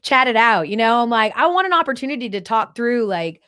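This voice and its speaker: A woman's voice: fairly high pitch, a little fast, a little hiss or hum. A woman sports anchor, a guest on a podcast, chatting casually and acting out the quotes in her stories. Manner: lively storyteller, acts out quotes. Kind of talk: casual interview chat.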